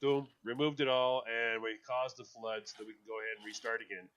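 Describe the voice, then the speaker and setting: A man hosting a talk radio show in casual chat, animated, with stammered restarts, who mimics other people in quotes. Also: mid-range voice, fast talker, smooth. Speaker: radio host. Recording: dull lo-fi radio audio.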